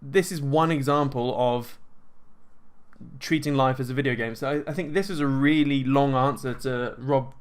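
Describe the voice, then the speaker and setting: A man's voice: medium pitch, normal speed, clean tone. Rambling, self-assured man. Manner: rambling, energetic, self-assured, frequent fillers and restarts. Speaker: host answering viewer questions. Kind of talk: casual monologue.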